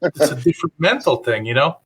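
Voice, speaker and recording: Bright-voiced man telling stories. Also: fairly high pitch, lively intonation, fairly quick, slight background noise. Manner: rambling anecdotes with many fillers; acts out his own past remarks in quotes. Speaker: guest guitarist. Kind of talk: casual interview storytelling.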